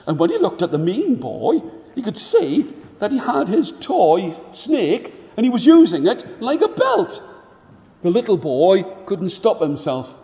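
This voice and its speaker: A man storytelling to schoolchildren with a rather high voice and an unhurried pace, pausing to get them joining in. His voice carries a long reverb from a large school hall. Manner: animated, drawing the children in to join the actions.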